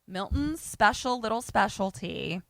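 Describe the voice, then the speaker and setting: A woman podcast co-host retelling a film in casual, profane chat, animated and acting out bits of dialogue. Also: mid-range voice, unhurried, vocal fry, no echo. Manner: animated, profane, acts out voices.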